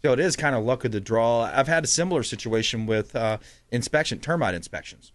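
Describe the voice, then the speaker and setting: A man's voice: medium pitch, expressive, a little fast. A man hosting a casual talk show, chatty and folksy, often laughing as he talks. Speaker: host.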